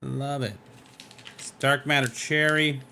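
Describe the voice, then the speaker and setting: A man talks to his chat during a live gameplay stream. His voice sits at an ordinary middle pitch, and he gets easily excited, packing his talk with "dude" and "man." He is recorded close on a desk microphone at a home setup. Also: slow, creaky, slight background noise. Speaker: game streamer.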